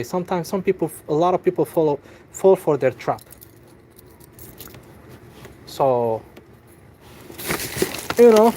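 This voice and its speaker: Man, casual vlog storytelling, indignant, animated, fairly high voice. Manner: animated, indignant retelling with restarts. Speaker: vlogger.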